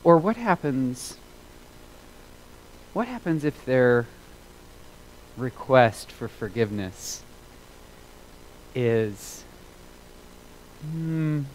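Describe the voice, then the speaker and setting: A man preaching a sermon as a pastor, earnest and emphatic, repeating phrases for weight and moving between loud and hushed delivery. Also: mid-range voice, very animated, very slow, pauses often, slight background noise, rough recording.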